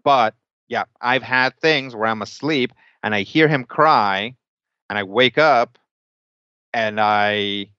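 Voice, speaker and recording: Smooth low-voiced man, slightly dull sound. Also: takes it slowly, bright, forceful tone, no echo. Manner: hesitant, repeats words before making his point. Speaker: podcast co-host. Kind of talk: casual chat.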